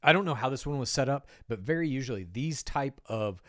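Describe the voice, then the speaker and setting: A man's voice: mid-range voice, expressive, fairly quick, no echo, studio quality. Wry, digressive male commentator. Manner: casual, wry, digressive, swears. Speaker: pop culture commentator. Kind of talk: commentary reading an article aloud.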